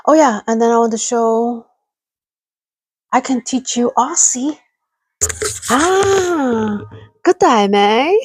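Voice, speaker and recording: Woman streamer, unhurried rambling chat with viewers, laughs a lot, dry close mic. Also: fairly high pitch, darkish tone, husky, dry recording, low-quality recording. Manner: chatty, rambling, laughs often, reads chat aloud. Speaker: livestream host. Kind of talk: casual livestream chat with viewers.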